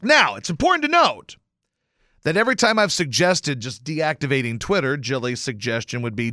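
A man hosting a podcast, delivering a casual, profane, animated rant on his own. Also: medium pitch, normal speed, dry recording, clean studio sound. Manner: animated and profane, swears often. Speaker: podcast host. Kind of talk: casual ranting monologue.

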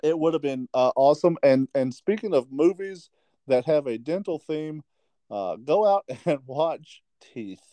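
A man's voice: on the high side, animated, measured pace, mellow, dry recording. A man co-hosting a podcast in casual chat, wry and teasing, laughing often. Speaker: podcast co-host.

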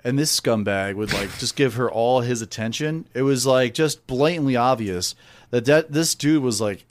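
A man's voice: medium pitch, normal speed, slight background noise. A man co-hosting a podcast in casual chat, telling a story bluntly with plenty of swearing. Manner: animated storyteller, blunt and profane. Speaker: podcast co-host.

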